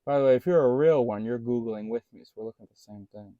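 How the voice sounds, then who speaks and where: A man's voice: mid-range voice, quick pace, no room sound, phone-quality sound. Rambling man thinking aloud, dry sound. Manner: meandering, thinks aloud with many fillers and restarts; informal, swears casually. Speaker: vlogger. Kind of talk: casual rambling monologue.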